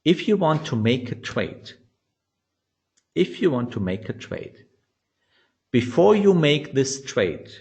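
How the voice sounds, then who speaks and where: A man teaching trading psychology in non-native English, animated and often restarting phrases. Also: medium pitch, slow pace, pauses often. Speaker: trading educator. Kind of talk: instructional talk.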